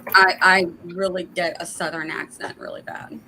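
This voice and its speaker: Bright, chatty woman host. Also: on the low side, level tone, moderate pace, gravelly, slight background noise, low-quality recording. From American South. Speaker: livestream host. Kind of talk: casual chat on a livestream.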